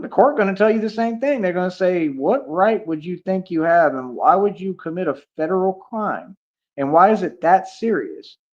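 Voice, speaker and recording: A man's voice: on the high side, darkish tone. A man ranting indignantly on a livestream, confrontational and repetitive, recorded with dull lo-fi audio. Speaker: streamer. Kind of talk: livestream rant.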